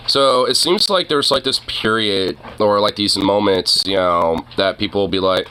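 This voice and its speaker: A man's voice: sits low, fairly quick, hardly any pauses, pushed and bright, clean tone. A man streamer giving rambling, casual commentary on clips, with many fillers, swearing and laughs. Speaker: streamer reacting to videos.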